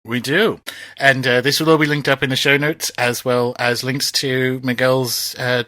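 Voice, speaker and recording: A man hosting a podcast interview, talking thoughtfully, sometimes trailing off and sometimes rising in loud bursts. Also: mid-range voice, level tone, moderate pace, no room sound. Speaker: podcast host. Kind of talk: conversational interview.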